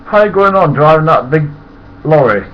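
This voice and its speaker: An older man voicing a middle-aged window cleaner, shouting indignantly. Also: fairly high pitch, expressive, moderate pace, voice pushed up, lightly acted. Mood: cheery. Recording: muffled lo-fi with loud hiss.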